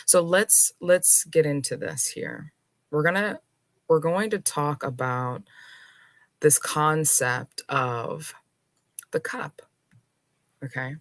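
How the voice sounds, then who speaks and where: Low-voiced unhurried woman, close and dry. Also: dry recording. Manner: unhurried and reflective, with soft laughs and pauses. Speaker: spiritual teacher hosting a live stream. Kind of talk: live-streamed spiritual talk.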